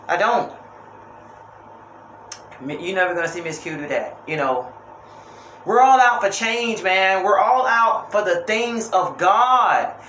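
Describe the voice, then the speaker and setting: A woman's voice: a little high, fairly bright tone, slight background noise. A young woman at home giving an earnest, rambling faith talk, repeating phrases for emphasis. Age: young adult. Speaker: faith vlogger. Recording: roomy with faint ambience.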